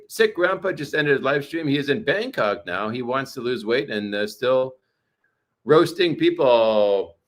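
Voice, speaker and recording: A man's voice: a little high, a bit bright. A man vlogging casually on a livestream, rambling and blunt, swearing often.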